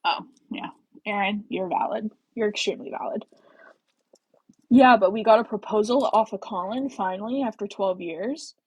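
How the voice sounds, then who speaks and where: A woman's voice: mid-range voice, normal speed, husky, no room sound, lo-fi sound. A young woman with a general American accent, hosting a casual book club livestream, rambling and swearing freely with lots of fillers. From American Midwest.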